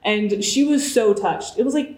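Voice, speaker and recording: A woman's voice: a little high, normal speed, darkish tone, echoey room. A woman in her early twenties, a guest in a casual chat, talking freely and acting out the voices she quotes. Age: 20s. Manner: chatty, acts out quoted voices.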